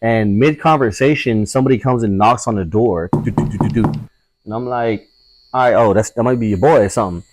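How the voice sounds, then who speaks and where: A man's voice: lowish voice, brisk, darkish tone, a little hiss or hum. A man, a tattoo artist guest, telling a casual story full of swearing and acting out the voices of people he quotes. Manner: profane, acts out quoted voices.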